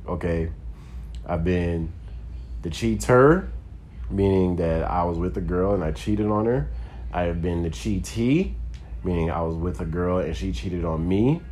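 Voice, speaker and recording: A man's voice: deep voice, a little mellow, a little hiss or hum. A man, a stand-up comedian, telling a loose, rambling story in casual talk full of profanity and "like".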